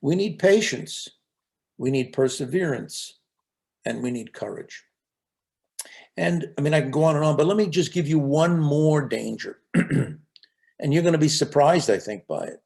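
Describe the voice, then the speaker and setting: A man's voice: on the high side, expressive, moderate pace, gravelly, pauses often, darkish tone. An older man giving a reflective talk on resilience and spiritual life, earnest and full of anecdotes, sometimes repeating a word as he starts. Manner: earnest, storytelling, repeats words when starting.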